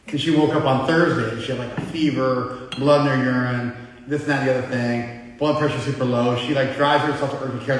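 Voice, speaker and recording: A middle-aged man gives a blunt, conversational spiritual lecture and keeps putting questions to his class. His voice sits at an ordinary pitch. It carries long reverb from a big hall and is picked up from some distance. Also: fairly even intonation, brisk. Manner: blunt, conversational, quizzes the audience. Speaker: spiritual teacher. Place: large hall with a live audience.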